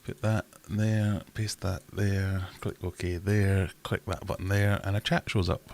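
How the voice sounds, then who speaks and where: Low-voiced rambling man. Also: little pitch movement, a little slow, hardly any pauses, darkish tone. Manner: rambling, self-deprecating, chatty. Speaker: live stream host. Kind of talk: casual live stream chat.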